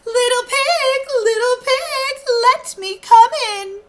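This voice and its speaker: Woman playing a big bad male wolf, storybook villain, shouting, huffing and puffing, high strained voice, sharp tone. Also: slow, exaggerated voice. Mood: coaxing.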